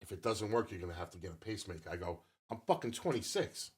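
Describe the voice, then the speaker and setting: A man's voice: sits low, lively intonation, quick pace, breathy edge. A man in his fifties co-hosting a podcast, telling a long story in casual chat and swearing freely. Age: 50s. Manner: profane, rambling storyteller. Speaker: podcast co-host.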